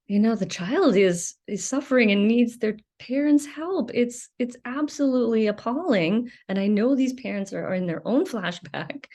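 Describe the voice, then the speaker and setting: A woman's voice: on the high side, warm tone. Candid hesitant woman talking through trauma. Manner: candid, hesitant, many ums, swears when angry. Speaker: video host sharing recovery experience. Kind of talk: reflective personal monologue.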